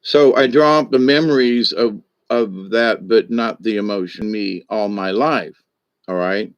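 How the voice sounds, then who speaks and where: Man in his sixties, spiritual teacher, unhurried, restarts often, dry close sound. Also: on the low side, no room sound, highs cut off. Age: 60s. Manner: slow, thoughtful, with frequent restarts and asides. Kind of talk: reflective spoken monologue.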